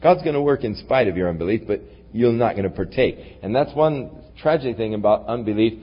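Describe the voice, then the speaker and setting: A man preaching a sermon, swinging from raised, emphatic lines down to low, quiet asides. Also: animated, brisk, slightly rough. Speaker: pastor. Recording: dull lo-fi recording in a large reverberant hall.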